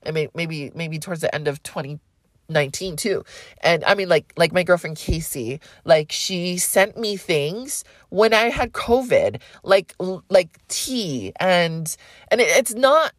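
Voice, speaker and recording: A woman's voice: on the low side, lively intonation, unhurried, no room sound, clean studio sound. A woman hosting a podcast, talking casually about astrology in a rambling, frank way, with a light Hawaiian accent and plenty of swearing. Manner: rambling, frank, swears freely, laughs often. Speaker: podcast host.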